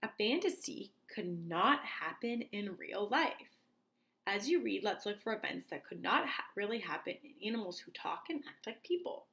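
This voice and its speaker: A woman teacher speaking slowly and clearly to young children in a reading lesson, leading the class through words to repeat. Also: mid-range voice, big pitch swings, a bit bright. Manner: slow, clear and encouraging, like a teacher to small kids.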